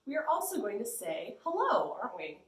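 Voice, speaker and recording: A woman's voice: fairly high pitch, wildly swooping pitch, brisk, background noise. A young woman librarian leading a children's storytime, bubbly and sing-song. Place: library room. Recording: echoey room.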